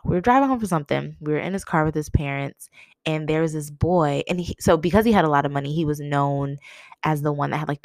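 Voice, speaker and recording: A woman's voice: low-pitched, gravelly, no echo. A young woman from Massachusetts telling a personal story casually, laughing often and quoting herself in a livelier voice. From Massachusetts, USA.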